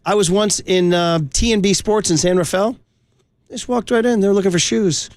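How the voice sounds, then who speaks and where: A man's voice: high-pitched, steady tone, normal speed, a little mellow, dry recording, clean studio sound. A man hosting a sports talk radio show, chatting in a breezy, joking, rambling way. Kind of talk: casual radio chat. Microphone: close studio mic.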